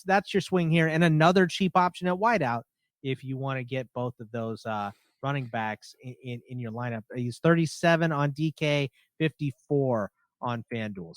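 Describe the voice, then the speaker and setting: A man's voice: mid-range voice, no room sound, studio quality. A man co-hosting a fantasy football podcast, talking casually and joking about picks. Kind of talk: casual sports talk.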